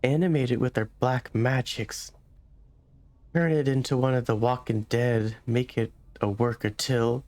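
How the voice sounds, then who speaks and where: A man's voice: medium pitch, fairly even intonation, a little slow, lightly acted. A man voicing an anxious middle-aged woman who speaks hesitantly in an old-fashioned dialect. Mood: worried. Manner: hushed, hesitant, rough old-world dialect.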